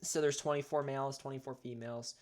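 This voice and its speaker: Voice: medium pitch, steady tone, fast talker, a little mellow. A host giving casual, chatty commentary over a simulator game, laughing often and getting sidetracked. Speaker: gaming video host.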